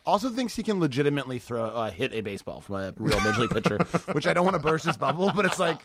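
A man chatting as a comedian guest on a casual podcast, telling animated, profane stories and laughing often. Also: medium pitch, fast, a little hiss or hum. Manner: animated storytelling, swears freely, frequent laughs.

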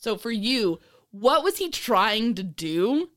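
A woman co-hosting a podcast, chatting casually in a rambling, animated way, with frequent swearing and laughter. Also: on the high side, slow pace. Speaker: podcast co-host. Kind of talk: casual chat.

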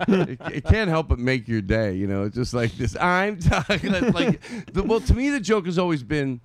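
A man's voice: sing-song, a little fast, darkish tone. A man hosting a casual comedy podcast in a studio, joking around and slipping into silly impressions. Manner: playful, breaks into silly impressions and high squeaky voices. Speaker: podcast host.

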